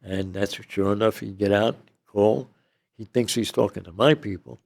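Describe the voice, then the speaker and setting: A man's voice: lowish voice, moderate pace, creaky, darkish tone. An older man telling a long story as an interview guest, rambling and tagging his lines with "okay?" and "you know".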